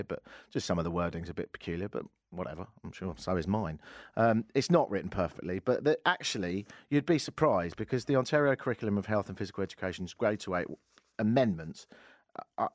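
A man's voice: low voice, no room sound, studio quality. A man hosting a casual radio talk show, wry and sarcastic, rambling between topics. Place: radio studio. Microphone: studio microphone.

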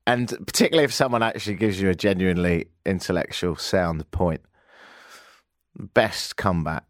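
A man's voice: moderate pace, dry recording, studio quality. A British man in his forties hosting a talk radio show, telling a self-mocking story with wry asides. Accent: British English. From Britain. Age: 40s. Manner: wry, self-mocking, swings high for emphasis. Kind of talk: animated storytelling monologue. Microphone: studio microphone.

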